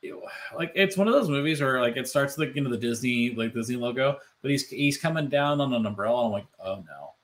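Animated man chatting with lots of "like". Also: medium pitch, fast, hardly any pauses. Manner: animated, swearing, many "like" fillers, mimics voices. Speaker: podcast co-host. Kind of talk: casual chat.

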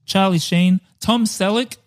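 A podcast co-host with a high voice speaks a little slowly in casual film chat. He keeps it jokey, swears, and strays into side topics.

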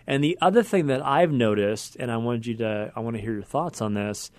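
A man's voice: medium pitch, a little fast, darkish tone, no room sound. A man hosting a podcast, talking earnestly and thinking aloud in long, winding sentences. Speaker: podcast host. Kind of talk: conversational podcast talk.

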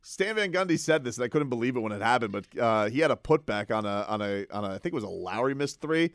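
A man's voice: medium pitch, no room sound, studio quality. A man hosting a sports radio show, bantering casually with his co-hosts and joking around. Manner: animated, joking, quick to shout out lines.

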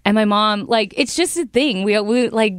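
A woman's voice: medium pitch, normal speed, smooth, dry recording, studio quality. A woman co-hosting a morning radio show, chatty and upbeat, laughing easily as she reads out trending stories. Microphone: studio microphone.

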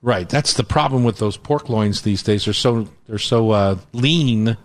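A man hosting a casual cooking chat, explaining things quickly and practically with asides. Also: on the low side.

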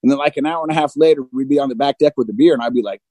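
Candid mid-forties man with a mellow voice. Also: medium pitch, racing, rough recording. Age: 40s. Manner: open and self-deprecating, acts out both sides of dialogue. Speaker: guest recounting recovery. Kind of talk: candid conversational storytelling.

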